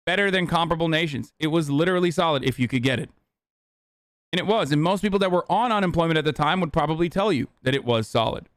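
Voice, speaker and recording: A man's voice: a little high, animated, quick pace, no echo, clean studio sound. A man streaming a reaction to a clip, ranting in a heated, profane, casual way.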